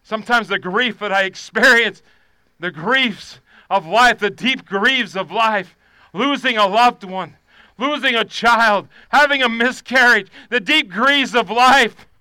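Male pastor, sermon delivery, high and very bright timbre, dry close sound, swings between shouting and hushed asides. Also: measured pace, clean tone, dry recording. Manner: swings from shouted preaching to quiet, low confiding.

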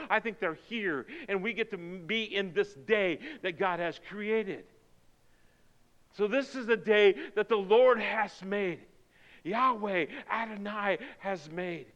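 A man in his fifties preaching a sermon, swinging from loud whoops to near whispers. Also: high voice. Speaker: pastor. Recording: reverberant hall sound.

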